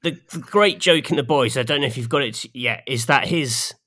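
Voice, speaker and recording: A man thinking out loud in casual chat, his bright voice stumbling and restarting as he works through a point. His pitch sits in the ordinary middle. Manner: musing, halting, restarts a lot. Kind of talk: casual chat about games.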